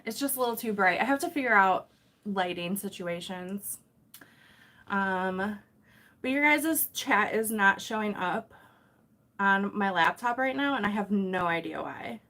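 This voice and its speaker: A woman's voice: mid-range voice, expressive, measured pace, pushed and bright. A young woman hosting a casual live stream from home, greeting viewers by name and apologizing often, picked up by a camera set some distance away.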